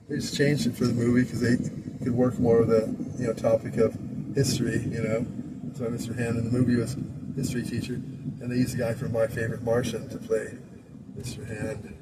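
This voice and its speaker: Clear traffic noise runs behind a Southern Californian man in his sixties as he rambles loosely through a tale from his school days, chuckling often. His voice is medium-pitched and level, his pace brisk.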